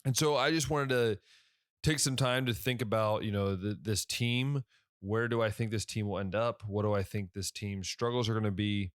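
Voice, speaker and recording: Young male podcast host, late-night and sleepy, chatty with lots of fillers, lowish voice, dry recording. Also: fairly even intonation, moderate pace, no echo. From Ohio. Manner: rambling, self-correcting, many fillers. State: tired, yawning. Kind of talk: casual solo podcast talk.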